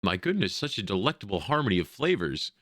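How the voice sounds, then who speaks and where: A man's voice: fairly low pitch, very animated, quick pace, fairly bright tone, no room sound, clean studio sound. A man voicing an elderly, forgetful village woman in a role-playing game, reading her quaint, old-fashioned lines aloud. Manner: quaint archaic phrasing, read aloud.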